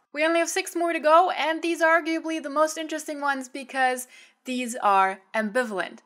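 A young adult woman teaching a language in a casual video lesson. She explains in a chatty, lively way with quick asides. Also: on the high side.

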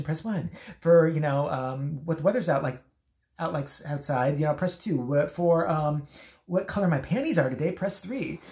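A fast-talking woman tells a rambling story with a lively, swooping voice. She swears freely and acts out both sides of the phone calls she describes. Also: sits low, reverberant. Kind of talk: casual storytelling monologue.

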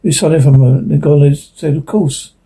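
A man's voice: on the high side, fairly even intonation, fairly quick, mellow, breathy edge, low-quality recording. A man reading a science fiction story aloud, stumbling and restarting now and then. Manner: unpolished reading with slips and restarts. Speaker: narrator.

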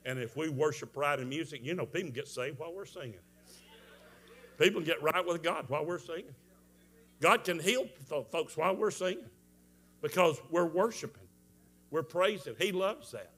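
A man preaching a revival sermon, telling a story with strong emotion, moving from hushed tones to shouts. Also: a little high, normal speed, long pauses, husky. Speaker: evangelist preacher.

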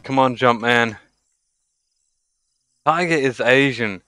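A young man streaming a game live, tipsy from drinking, exasperated and swearing with loud outbursts. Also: mid-range voice, takes it slowly, clean tone, no room sound.

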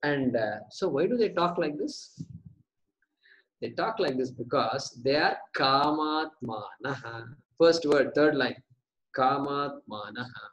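A man's voice: mid-range voice, expressive, slow, fairly bright tone, poor audio. A man teaching a scripture class, breaking terms down word by word, repeating them and asking questions that he then answers himself. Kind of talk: classroom lecture on verses.

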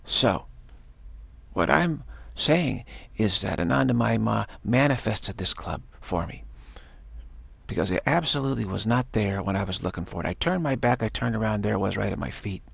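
A man's voice: on the low side, expressive, normal speed, creaky, husky, no room sound. A man telling a rambling, enthusiastic story in a casual monologue, often restarting his sentences.

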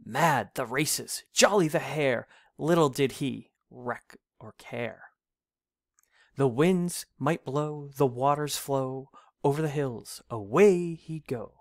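A man reading an old rhyming storybook aloud, in a measured, sing-song delivery. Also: medium pitch, creaky, no room sound, studio quality.

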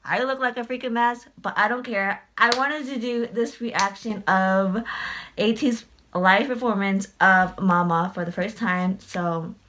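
A woman's voice: medium pitch, bright, forceful tone. A woman vlogging from her bedroom in a casual reaction video, chatty and swearing freely. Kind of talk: casual fan reaction vlog. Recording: pop music playing behind the voice. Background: pop music.

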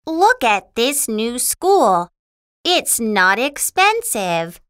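Lady playing an excited stubborn little girl, high and bouncy, very clear. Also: takes it slowly, no echo, studio quality, heavily acted. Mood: eager. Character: eager, headstrong young girl.

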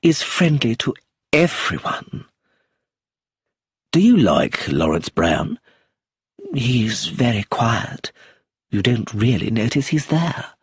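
Poised stage actress in middle age, put on by a husky-voiced male narrator, slow and dignified, pitch swings widely. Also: big pitch swings, no room sound, studio quality, exaggerated voice. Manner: slow, dignified, theatrical delivery.

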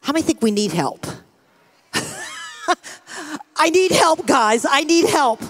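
A middle-aged American woman pastor preaching, telling a personal story with lively acted-out quotes. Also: high-pitched, moderate pace. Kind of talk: sermon with storytelling. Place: church sanctuary. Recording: long hall reverb from a church.

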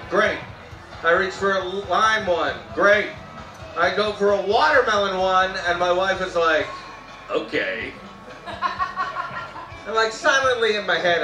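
A Canadian man does a live stand-up set in an outdoor festival comedy tent, animatedly recounting stories about his wife and bursting into high-pitched shouts as he mimics her. The recording sounds roomy and distant, with audience laughter and faint music in the background.

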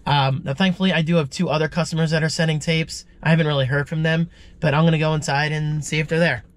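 A man's voice: on the high side, steady tone, fast, no echo. A man vlogging casually, sounding congested and rambling in a chatty, self-deprecating way. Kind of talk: casual vlog chat.

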